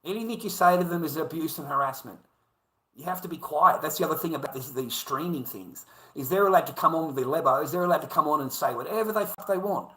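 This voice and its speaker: A man's voice: fairly high pitch, lively intonation, quick pace, bright, forceful tone, low-quality recording. A middle-aged man with an Australian accent, rambling through a profane livestream monologue and calling his viewers mate.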